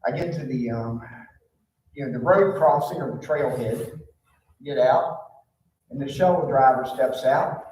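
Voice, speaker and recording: A man's voice: mid-range voice, unhurried, long pauses, darkish tone, a little hiss or hum. A man, a pastor telling a folksy story from the pulpit with many fillers. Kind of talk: storytelling sermon. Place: church sanctuary. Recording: echoey church hall, mic far off.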